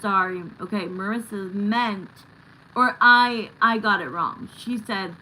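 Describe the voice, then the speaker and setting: A woman's voice: medium pitch, slow pace, pushed and bright, a little hiss or hum, low-quality recording. A middle-aged woman hosting a live tarot stream, chatting casually and bluntly with viewers and swearing now and then.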